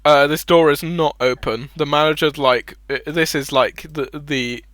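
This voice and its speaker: A man's voice: a little high, fairly even intonation, measured pace, a bit bright, no echo. A man narrating a tabletop heist as game master, easygoing and chuckling, often trailing off into fillers. The sound is dry and close, with no room around it.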